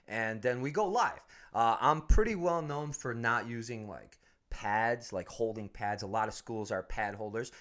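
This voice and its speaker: A man's voice: mid-range voice, fairly bright tone. Rambling, swearing man telling fight stories. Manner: swears freely, rambling storyteller, laughs often. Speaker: MMA fight school owner, guest. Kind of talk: casual podcast conversation.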